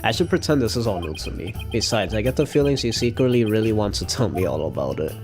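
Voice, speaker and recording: A man's voice: fairly low pitch, animated, fast talker, faint music behind. A young man streaming a game, reading its dialogue aloud with playful put-on voices and jokes of his own. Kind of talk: playthrough with voiced text.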